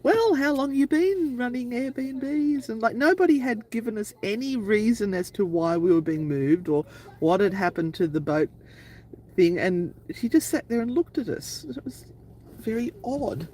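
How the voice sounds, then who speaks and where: A woman's voice: mid-range voice, expressive, normal speed, darkish tone, a little hiss or hum, rough recording. A woman co-hosting a live stream, telling a long travel anecdote in a chatty, rambling way. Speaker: paranormal channel co-host. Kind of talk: casual live-stream storytelling.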